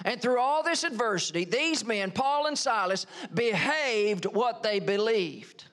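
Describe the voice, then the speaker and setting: A middle-aged man preaching a sermon as a pastor, emphatic and animated, full of rhetorical questions. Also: high voice, unhurried.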